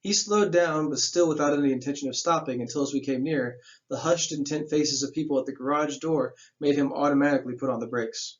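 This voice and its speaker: A man's voice: fairly high pitch, brisk, hardly any pauses, lo-fi sound. Man reading a novel aloud, then explaining. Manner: stops reading to explain the plot in plain slang.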